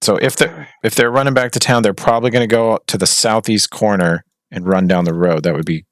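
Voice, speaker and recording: A man's voice: on the low side, fairly even intonation, fairly quick, dry recording, studio quality. A man narrating a tabletop game as game master, describing scenes and briefly voicing characters. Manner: describes scenes and puts on short shouts for characters.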